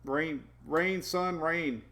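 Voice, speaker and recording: Man, weather stream host, gravelly, slightly high voice, rambling casual chat. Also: extremely slow, fairly bright tone. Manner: rambling, reads out viewer names and talks to his puppies.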